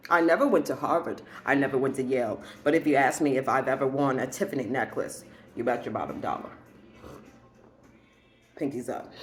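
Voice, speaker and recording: A woman telling rambling comedic stories and laughing often at her own jokes. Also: low-pitched. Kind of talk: comedic monologue.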